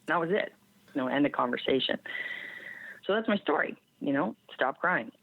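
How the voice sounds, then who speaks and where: A woman's voice: sits low, expressive, normal speed, creaky, no room sound. A woman from Canada, a strength coach, telling a story in a candid, plain-spoken and reflective way in a podcast interview. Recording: tinny phone-like remote line.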